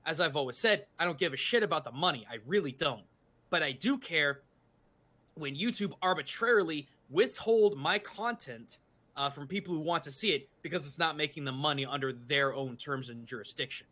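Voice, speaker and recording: A man's voice: on the high side, animated, normal speed, pushed and bright. A man chatting casually on a live stream, frank and given to blunt rants. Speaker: art streamer.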